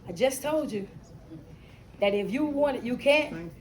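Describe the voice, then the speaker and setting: A woman giving a motivational talk in a preaching style to a live audience, acting out excuses in quick bursts. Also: a little high, animated. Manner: call-and-response delivery, acts out excuses in quick bursts. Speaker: motivational speaker. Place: live event room with audience.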